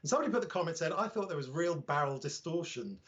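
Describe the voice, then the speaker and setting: A man's voice: a little high, expressive, quick pace, a bit bright, muffled recording. A man with a British accent chatting casually as a livestream guest, telling self-deprecating anecdotes about his drone channel.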